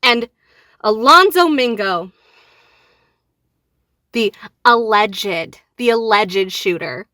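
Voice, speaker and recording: A woman's voice: on the high side, lively intonation, drawn-out words, pauses often, pushed and bright, no echo. A young woman talking straight to camera, grieving and enraged, close to tears as her voice rises and falls. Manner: grieving and enraged, voice rising and falling. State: on the verge of tears. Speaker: vlogger. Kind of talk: emotional direct-to-camera talk.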